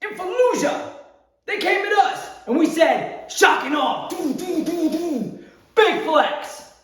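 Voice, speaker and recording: A man voicing the Marine Corps as a brash male drill-sergeant figure who shouts and taunts. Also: extremely high pitch, lively intonation, slow, full character voice. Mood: taunting, fired up. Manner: loud, taunting, shouting pep talk. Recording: very echoey room, from a distance.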